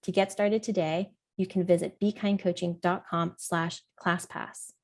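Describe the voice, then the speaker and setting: A woman's voice: fairly low pitch, steady tone, measured pace. A middle-aged woman hosting a parenting podcast, talking alone in an earnest, encouraging way. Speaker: parent coach and podcast host. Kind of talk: solo podcast talk.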